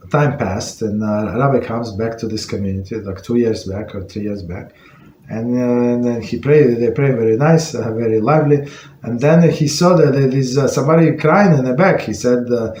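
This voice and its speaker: Halting man teaching a class in an echoey room. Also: mid-range voice, darkish tone. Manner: halting, many fillers and restarts. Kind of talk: informal Torah lesson. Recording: echoey room with faint noise.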